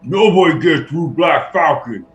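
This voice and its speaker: A man's voice: a little high, lively intonation, measured pace, roomy sound. A man voicing a big, long-armed male bugbear guard who talks in blunt, broken phrases in a tabletop game. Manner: broken, clipped speech.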